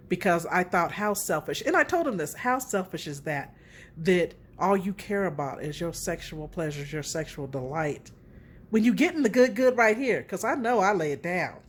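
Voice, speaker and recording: A middle-aged woman with a slightly low voice talks frankly about relationships. She tells her own story in a lively, open way. A faint hiss of noise sits under her voice. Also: moderate pace. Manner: candid, animated storytelling with laughs. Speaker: relationship talk host. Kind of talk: casual personal talk.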